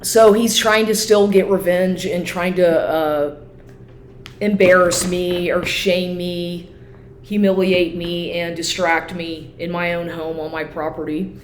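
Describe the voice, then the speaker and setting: A woman vlogger in an upset, profane rant, talking fast and repeating herself. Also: on the low side, fairly even intonation. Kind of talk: agitated personal rant to camera. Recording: echoey room with faint noise.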